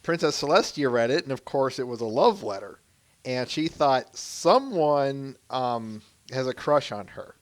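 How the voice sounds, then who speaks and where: A man's voice: medium pitch, expressive, unhurried. A man hosting a casual podcast, recapping things in a rambling way with many restarts. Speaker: podcast host.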